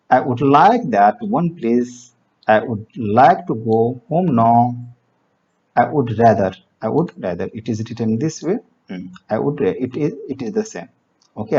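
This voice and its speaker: Teacher guy, goes up and down a lot, reads examples slow, kinda muffled recording. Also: medium pitch, a little mellow, husky. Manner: reads example sentences slowly, explains with fillers. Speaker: English grammar teacher. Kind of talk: classroom grammar lesson. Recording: dull lo-fi recording.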